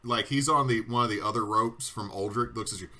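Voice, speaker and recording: Guy running a tabletop game, chatty, forceful bright voice, on voice chat. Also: lowish voice, a little fast. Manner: chatty, laughs and digresses. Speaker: game master.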